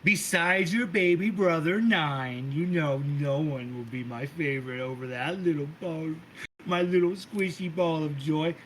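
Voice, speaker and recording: A man's voice: fairly high pitch, unhurried, a bit bright, a little hiss or hum. Man putting on a volatile goddess mother. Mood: doting. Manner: flips between sweet cooing and cursing rage. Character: hot-tempered goddess mother, jealous and doting.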